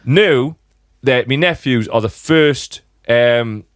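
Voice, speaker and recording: A man's voice: medium pitch, slow pace, clean tone, no room sound, studio quality. Sweary Geordie man ranting. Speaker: podcast host. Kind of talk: casual chat.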